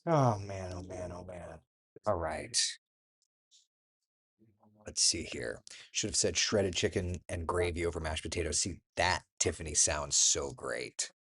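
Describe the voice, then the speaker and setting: A man with a fairly low voice hosts a relaxed morning chat show. He talks to his viewers by name, chatty and quick to laugh as he answers their comments. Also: breathy edge. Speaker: host.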